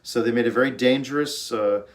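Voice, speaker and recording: A man's voice: medium pitch, fairly quick. A man, an orchestra conductor, giving an earnest informal talk about music, storytelling with fillers and restarts.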